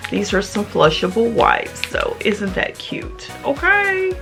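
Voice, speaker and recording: A woman's voice: mid-range voice, takes it slowly, vocal fry, over music. A middle-aged woman in a casual unboxing vlog, chatty and playful, calling her viewers honey and y'all. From Memphis, Tennessee area. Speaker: vlogger.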